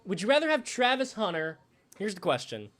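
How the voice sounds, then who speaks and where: A male live-stream host with a high, bright voice talks in a loose, casual way. He rambles and thinks out loud as he reacts, and breaks off to thank viewers. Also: huge pitch swings, brisk.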